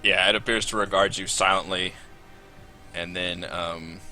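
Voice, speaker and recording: A man's voice: deep voice, fairly even intonation, unhurried, sharp tone, faint music behind. A man narrating as game master in a tabletop game, improvising hesitantly with lots of ums and uhs.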